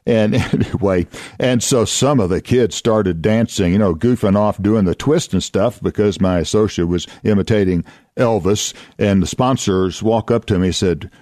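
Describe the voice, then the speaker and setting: A man's voice: on the low side, normal speed, a little mellow, dry recording, studio quality. An older man from Oklahoma, a radio host and former youth minister telling folksy anecdotes, chuckling and acting out voices. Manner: chuckling, acts out voices in his stories.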